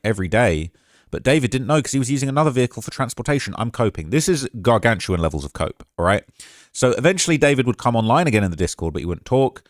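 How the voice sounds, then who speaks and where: Male commentary host, low voice, rapid casual delivery, dry sound. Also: no echo. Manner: fast, casual, talks over quotes with quick asides. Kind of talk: reading and reacting to chat messages.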